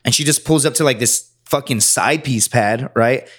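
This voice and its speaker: Man, stand-up comedian, podcast guest, casual storytelling, rambling, profane, mid-pitched voice. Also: moderate pace, a bit bright. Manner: rambling, profane, acts out quotes.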